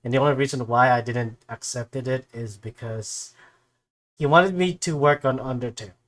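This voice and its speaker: A man's voice: medium pitch, moderate pace. A young man streaming, chatting casually in a rambling way with lots of ums. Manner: rambling, with many fillers. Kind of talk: casual reaction chat.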